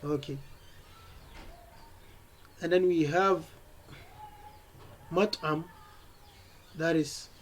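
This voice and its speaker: High-voiced man teaching Arabic poetry. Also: fairly even intonation, a little hiss or hum, low-quality recording. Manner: reads verse slowly, then explains in English with restarts. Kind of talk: explaining a poem line by line.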